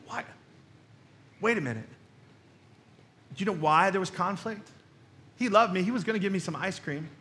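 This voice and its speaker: Male pastor, high-pitched and sharp-toned, preaching conversationally with jokey asides and repeated punchlines. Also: moderate pace, long pauses. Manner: conversational, with joking asides and rhetorical questions; emphatic, repeats key phrases. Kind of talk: sermon.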